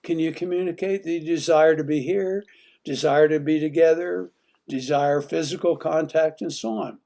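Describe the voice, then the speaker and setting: A man's voice: a little high, fairly even intonation, moderate pace, gravelly, mellow. A man giving an instructional talk on marriage, putting many direct questions to the listener. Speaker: marriage teacher.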